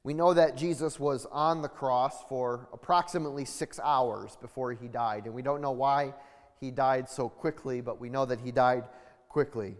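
A man preaching a sermon with deliberate, measured teaching and frequent restarts. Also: medium pitch, fairly even intonation. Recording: long reverb of a large hall.

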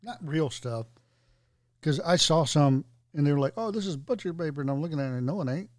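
A man's voice: fairly high pitch, fairly quick, no echo. A middle-aged man co-hosting a casual chat, matter-of-fact with dry wisecracks.

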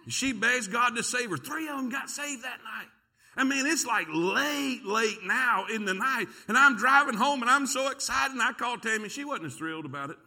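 A pastor preaching a sermon, telling a story with lively energy and quick repeated words. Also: male voice, very high-pitched, vocal fry, husky. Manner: storytelling, animated, repeats words when excited.

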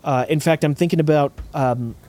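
This man's mellow voice sits on the high side, and he talks at a moderate pace. Hosting a podcast, he thinks aloud about a project he's designing in a casual technical chat, frequently starting his sentences over.

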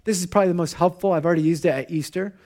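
A man in his thirties, a pastor, giving a conversational sermon and telling personal stories in an animated way. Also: high voice, racing.

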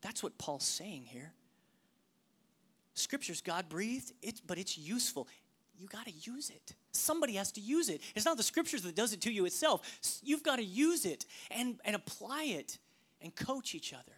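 Preaching like a working pastor, a middle-aged man delivers a sermon in a high-pitched, sing-song, husky voice at normal speed. He swings from loud, emphatic bursts to hushed, whispered asides.

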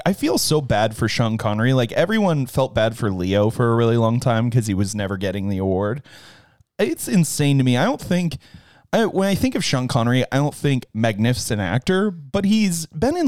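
A man's voice: medium pitch, big pitch swings, moderate pace, darkish tone, dry recording, studio quality. A man co-hosting a casual movie podcast, chatty and laughing often. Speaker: podcast co-host.

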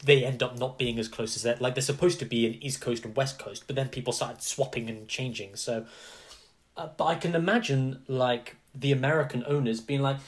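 A man in animated, casual podcast chat. His pitch sits in the middle range. He talks in long runs with lots of asides. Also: a little fast. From England. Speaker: podcast co-host.

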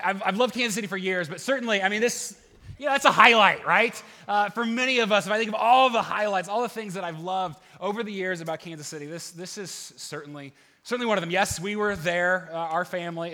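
Bright-voiced male pastor preaching. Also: high-pitched. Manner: earnest, many restarts and fillers, gets animated. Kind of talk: sermon with opening prayer.

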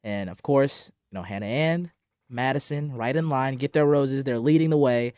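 A man's voice: medium pitch, normal speed, clean tone, no room sound. Man recapping in a dry close voice. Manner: animated storytelling, acts out quotes. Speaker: podcast co-host. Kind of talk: casual chat recapping a dating show.

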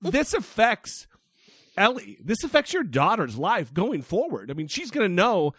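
Podcast guest, male, fired-up and foul-mouthed, lively slightly high voice, dry sound. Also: normal speed, husky, no echo. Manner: profane and emphatic, heated. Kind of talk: casual chat.

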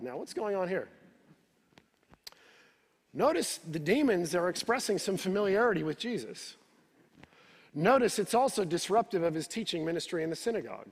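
A man's voice: sits high, expressive, normal speed, long pauses, slightly rough. A male pastor preaching a sermon, retelling the scripture in his own words and repeating words as he builds each point. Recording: reverberant hall.

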